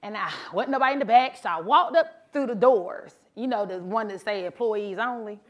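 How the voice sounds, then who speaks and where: A woman who drives trucks, telling her story in a bubbly, animated motivational speech to a live audience and talking casually to the crowd. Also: mid-range voice, brisk. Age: adult, mother of sons. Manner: casual, chatty, addresses crowd as honey and y'all. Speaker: truck driver and social media creator. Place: live event before an audience.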